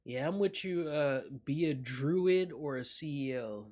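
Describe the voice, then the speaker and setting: A man's voice: on the high side, animated, unhurried, darkish tone. A young man streaming live, chatting loosely with his viewers, swearing and laughing as he reacts. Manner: loose, profane, reacting aloud with frequent laughs. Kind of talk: casual live-stream chat.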